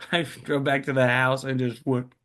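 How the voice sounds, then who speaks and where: A man in his thirties co-hosting a podcast, telling animated, joking stories in a casual chat. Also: medium pitch, a little slow. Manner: animated storyteller, lively jokes. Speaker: podcast co-host.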